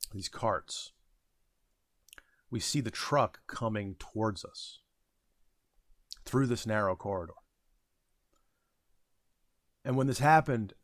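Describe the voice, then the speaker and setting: A man's voice: fairly low pitch, dry recording, studio quality. A man in his thirties casually telling a rambling, self-deprecating story about his retail job, with frequent fillers and restarts. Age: 30s. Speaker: vlogger.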